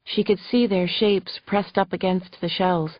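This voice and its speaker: Gentle woman narrating an audiobook. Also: lowish voice, fairly even intonation, measured pace, no echo. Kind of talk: scripted first-person audiobook narration. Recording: dull lo-fi audio, faint music.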